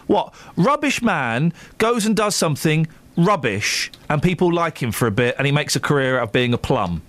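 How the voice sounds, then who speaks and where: A man presenting breakfast radio, mocking the stories in a lively, sarcastic way. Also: moderate pace, hardly any pauses. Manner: mocking, animated, swings between deadpan and high exclamations. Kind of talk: breakfast radio chat and news.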